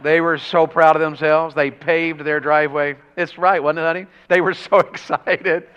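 High-voiced revival preacher. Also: male voice, level tone, moderate pace, clear, resonant tone, highs cut off. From rural Tennessee. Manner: folksy storytelling, rising to shouts. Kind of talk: sermon. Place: church.

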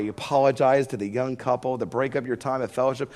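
A man's voice: mid-range voice, brisk, a little mellow. A middle-aged man preaching a sermon, telling a folksy story and rising to fervent emphasis on prayer. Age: middle-aged or older.

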